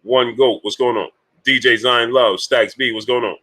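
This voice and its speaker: Bright-voiced man hosting a livestream. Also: medium pitch, fairly even intonation, normal speed, low-quality recording. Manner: greets viewers by name between points, many fillers. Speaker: boxing talk livestream host. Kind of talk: casual livestream chat.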